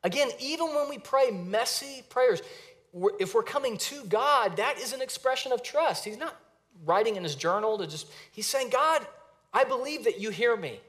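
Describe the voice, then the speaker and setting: A man preaching a sermon as a pastor, earnest, slowing down and dropping his voice to stress phrases. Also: very high-pitched, animated, fairly bright tone. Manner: earnest, varies pace and volume for emphasis, repeats phrases.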